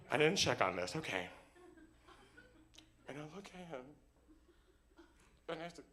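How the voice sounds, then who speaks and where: A man's voice: mid-range voice, normal speed, pauses often. A young man telling a funny true story on stage, acting out the other people's lines. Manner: animated, comic, acts out dialogue. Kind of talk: live storytelling performance.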